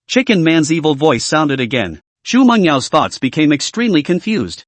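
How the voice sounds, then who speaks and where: A man narrating a comic recap in a brisk storytelling manner, recorded dry and close. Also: on the high side, lively intonation, no echo.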